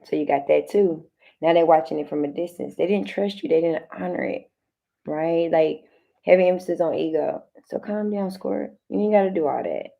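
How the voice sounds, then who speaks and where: A young woman talks through a tarot spread with her audience in a low, gravelly voice. She is loose and direct, full of slang and repeated phrases. Her lines restart often and speak right to the viewer. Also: moderate pace, warm tone. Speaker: tarot card reader. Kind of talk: casual tarot reading addressed to viewers.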